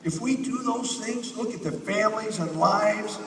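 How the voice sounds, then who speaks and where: A man giving a motivational stage speech at a company convention, energetic and rallying the crowd with repetition. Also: sits high, normal speed. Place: large convention hall. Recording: echoey hall, picked up from far off.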